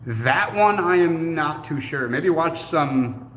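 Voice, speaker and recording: This co-host, a man, has a fairly high, fairly bright voice with lively intonation, though he speaks slowly. He's reading out viewer comments on a casual livestream and replying with laid-back jokes and the odd swear word. Faint noise and echo from the room come through.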